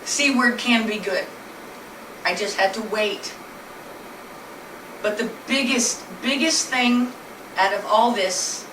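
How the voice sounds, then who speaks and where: A woman telling her husband's illness story in an earnest, plainly spoken way, speaking from a distance in a noisy, echoey room. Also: mid-range voice. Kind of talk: personal storytelling presentation.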